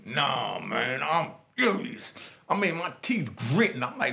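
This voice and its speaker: A man's voice: very animated, unhurried, creaky. A middle-aged man from New York with a Jamaican New York accent, telling his prison stories in street slang with many "you know what I mean" asides. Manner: acts out other voices, dropping low and soft for them. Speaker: storyteller recounting prison life. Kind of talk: casual spoken storytelling.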